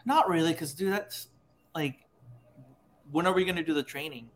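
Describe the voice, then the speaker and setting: A man's voice: on the high side, moderate pace. A man who works as a teacher, arguing matter-of-factly in casual chat. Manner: argumentative, matter-of-fact.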